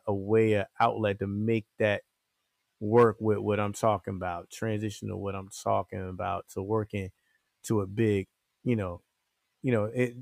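A guest comedian talks in a rambling, casual interview, full of fillers and restarts. His voice is on the low side, recorded with clean studio sound and no room sound.

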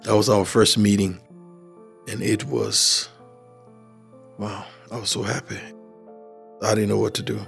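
A middle-aged Liberian man talks a little slowly, with long pauses and a low, fry-tinged voice in a Liberian accent. Animated as he recounts his life, he acts out the dialogue he quotes, and faint music plays underneath.

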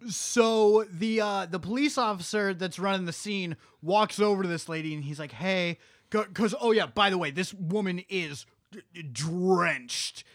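Young male co-host, high pitch, dry booth sound, loose profane storyteller. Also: normal speed, a bit bright, no echo. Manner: rambling, profane, restarts a lot while storytelling. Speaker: podcast co-host. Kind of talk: casual chat retelling a horror movie.

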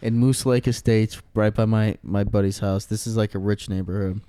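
Young male storyteller, casual and rambling, mellow dry close sound. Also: on the low side, steady tone, normal speed, smooth, dry recording. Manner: rambling, heavy on fillers and swearing. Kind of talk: casual podcast chat.

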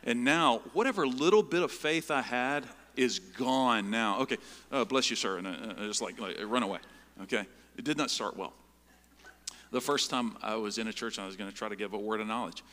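A middle-aged man preaching a sermon full of personal stories, acting out scenes with sudden jumps in pitch and volume. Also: a little fast. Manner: animated storytelling, jumps high and loud when acting out scenes. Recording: long hall reverb.

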